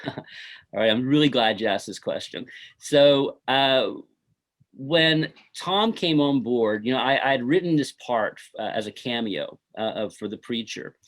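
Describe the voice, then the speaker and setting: A middle-aged man speaks in a relaxed, unhurried way as he is interviewed about his own film. He rambles through anecdotes and scatters fillers like "you know" and "uh" between his thoughts. His pitch sits at an ordinary middle level. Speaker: filmmaker being interviewed. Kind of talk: casual interview storytelling.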